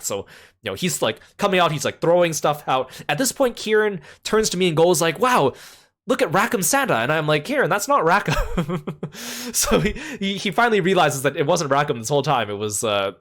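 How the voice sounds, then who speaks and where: A man's voice: mid-range voice, a bit bright. Chatty man recapping a trip. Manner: chatty, many fillers like "like" and "uh". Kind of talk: casual recap narration.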